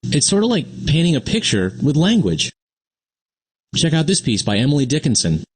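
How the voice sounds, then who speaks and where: A man's voice: on the high side, big pitch swings, moderate pace, slightly rough. A man voicing a friendly young cartoon explainer who teaches the basics of poetry in scripted, upbeat narration. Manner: upbeat, explains simply and answers an unheard sidekick.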